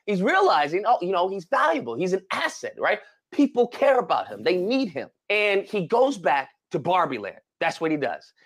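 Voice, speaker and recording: A man with a high, very lively voice retells a film plot in a relaxed podcast chat. His pitch swings widely as he acts out the characters and sighs dramatically over them. He keeps checking in with his listener as he goes. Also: moderate pace, few pauses, slightly rough. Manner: animated storytelling with dramatic exclamations. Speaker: podcast co-host. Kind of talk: casual chat.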